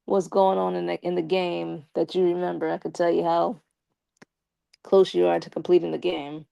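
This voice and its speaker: Gravelly-voiced woman with a slight lisp. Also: fairly low pitch, little pitch movement, normal speed, mellow, no room sound, muffled recording. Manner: chatty, slangy, addresses viewers directly. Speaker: live streamer talking to chat. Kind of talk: casual live-stream chat.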